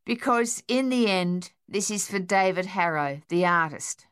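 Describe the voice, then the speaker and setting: Woman voicing a brusque woman, impatient, blunt, insistent, smooth voice, audiobook. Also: medium pitch, expressive, unhurried, fairly bright tone. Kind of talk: audiobook character voice.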